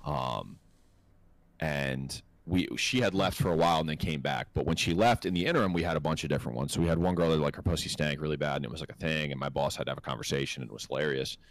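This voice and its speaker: Male podcast host, deep voice, dry close mic, rambling and profane. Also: fast, dry recording. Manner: profane, rambling, animated when quoting others. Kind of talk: casual storytelling chat.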